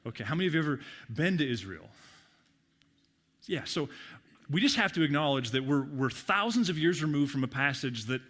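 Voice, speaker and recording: A man's voice: fairly high pitch, expressive, fairly quick, pauses often, a bit bright. A middle-aged man preaching a sermon to his congregation in a church, speaking conversationally and often repeating words as he starts a sentence. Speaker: pastor.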